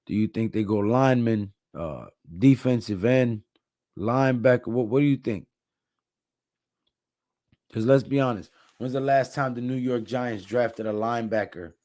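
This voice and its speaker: Mellow-voiced tired male stream host. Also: medium pitch, moderate pace, dry recording, studio quality. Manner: laid-back, reads chat comments aloud. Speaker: livestream host. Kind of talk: casual live-stream chat.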